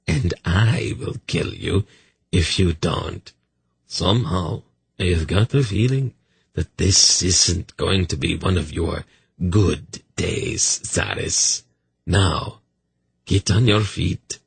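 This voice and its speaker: A soft-spoken eunuch assassin who threatens in a calm, polite hush, as a male audiobook narrator puts him on. The voice sits low and husky, unhurried and dry. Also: full character voice. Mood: quiet menace.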